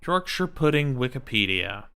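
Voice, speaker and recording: A man's voice: mid-range voice, very animated, normal speed, sharp tone, smooth. A man casually chatting while playing a game on a live stream at home, rambling between topics and talking to his cat.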